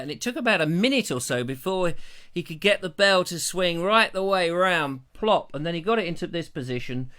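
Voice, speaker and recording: Bright-voiced English man telling a story. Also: on the high side, clear, resonant tone. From England. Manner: animated, mimics bell sounds and voices. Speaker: vlogger hosting a live stream. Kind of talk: rambling live-stream storytelling. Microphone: lavalier.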